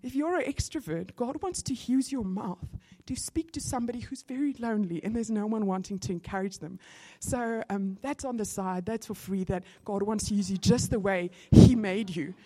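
A middle-aged woman, giving an animated testimony in a sermon, with sudden bursts of excitement. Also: medium pitch, moderate pace, hardly any pauses.

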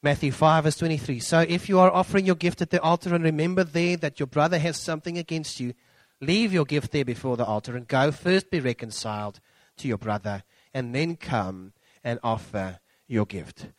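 A middle-aged man preaching a sermon, animated and acting out quotes with big swings in pitch. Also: brisk, dry recording.

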